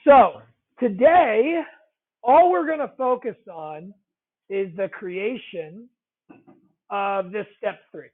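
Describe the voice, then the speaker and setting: A man's voice: sits high, slow pace, long pauses. A man teaching a math lesson, talking conversationally, repeating key phrases and checking in with the class. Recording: tinny phone-like audio.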